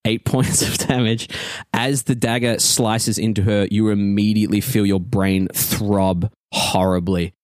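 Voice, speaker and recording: Low-voiced guy running a tabletop game, laughs a lot, very dry audio. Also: a little slow, no room sound. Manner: lively, laughs often. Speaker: game master.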